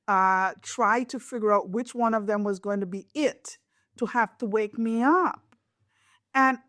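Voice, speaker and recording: A woman's voice: a little high, fairly bright tone, no room sound, studio quality. A middle-aged woman hosting a podcast, explaining in a reflective, conversational way and often checking in with "right?". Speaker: podcast host.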